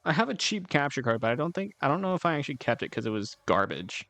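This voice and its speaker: A man's voice: on the high side, very animated, fast talker, a bit bright, no room sound. A man streaming and chatting casually with his viewers, rambling in a laid-back way, swearing now and then and giggling often. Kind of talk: casual chat with live chat.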